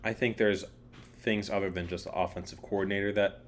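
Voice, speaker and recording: A man's voice: on the low side, fairly even intonation, a little fast, a little hiss or hum. Young man rambling about football. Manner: rambling, frequent fillers and swearing. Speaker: podcast co-host. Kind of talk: casual sports chat.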